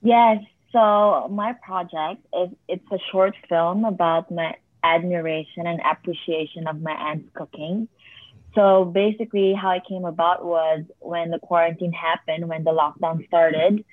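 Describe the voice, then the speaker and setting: An eager, earnest woman speaking as a podcast guest over a remote call. Her slightly low voice comes through a thin, phone-like line, dry and close, with faint music underneath. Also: steady tone, moderate pace, no room sound. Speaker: interview guest, filmmaker. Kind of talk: podcast interview.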